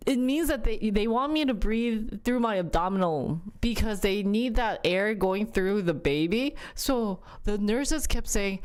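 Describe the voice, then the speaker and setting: Telling a story to her viewers at a moderate pace, a young woman streamer keeps things casual and animated. When she quotes people, her pitch jumps suddenly as she acts the lines out.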